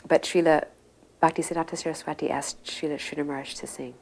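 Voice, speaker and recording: An older woman telling memories in a soft, unhurried way, often pausing to search for words. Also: deep voice, steady tone, poor audio. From United States. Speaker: interviewee. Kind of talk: reminiscing storytelling.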